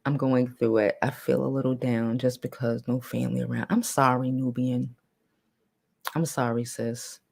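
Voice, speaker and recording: A woman hosting a casual livestream, talking bluntly with profanity and reading viewers' comments aloud in a lowered, softened voice. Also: level tone, normal speed, creaky, slightly rough. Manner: putting on a lower, softer new voice. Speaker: livestream host.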